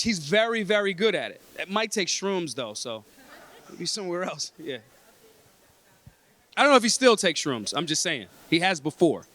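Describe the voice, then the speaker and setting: Fairly quick and animated, a high-pitched, slightly bright voice carries a Philadelphia man's profane, streetwise speech at a convention breakfast. He talks emphatically and bluntly to the room, and there's no echo.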